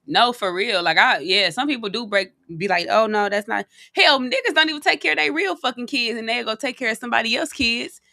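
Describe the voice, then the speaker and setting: Gravelly, bright-voiced teasing woman podcaster. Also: fairly high pitch, expressive, fairly quick, hardly any pauses, dry recording, studio quality. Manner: teasing, laughs often, talks back loosely. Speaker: co-host. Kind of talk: casual podcast banter.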